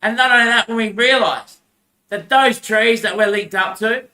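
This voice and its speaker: A man's voice: high voice, moderate pace, pushed and bright, reverberant. A man in a rambling monologue, repeating himself, swearing and laughing often.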